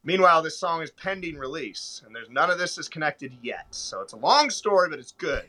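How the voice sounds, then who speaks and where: A man with a very bright, forceful voice recounts a long story from the road. He talks casually and animatedly, with lots of fillers and asides. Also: on the high side, brisk, poor audio. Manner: animated, rambling anecdote-telling with fillers. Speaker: touring country musician.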